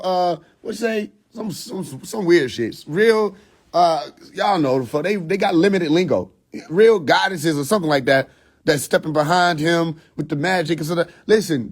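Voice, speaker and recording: A man with a fairly high voice talks straight to his livestream audience. He speaks bluntly and profanely, with a swaggering, preachy edge, and breaks into laughs as he goes. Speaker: livestream host. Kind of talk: casual livestream monologue. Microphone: phone livestream.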